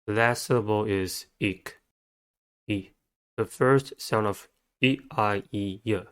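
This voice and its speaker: A man teaching English vocabulary, spelling out words letter by letter and sound by sound in a slow, methodical way. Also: fairly low pitch, a bit bright, smooth. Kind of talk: scripted instructional narration.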